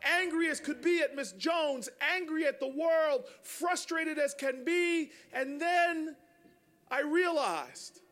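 A man giving a storytelling speech to an audience. He talks in an animated way, sometimes raises his voice, and repeats words. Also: very high-pitched, takes it slowly. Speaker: public speaker.

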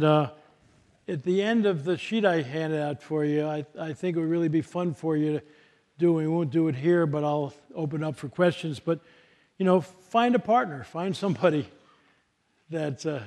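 A man's voice: fairly high pitch, a little mellow. An older man giving a live talk to an audience, telling stories in a folksy way with many fillers and restarts. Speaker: speaker at a workshop.

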